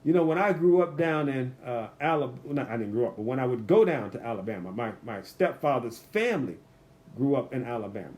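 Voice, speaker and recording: A man leading a Bible study commentary in a conversational way, reading scripture slowly and acting out quotes in little voices. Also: medium pitch, lively intonation, darkish tone. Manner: reads scripture slowly and deliberately. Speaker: Bible teacher.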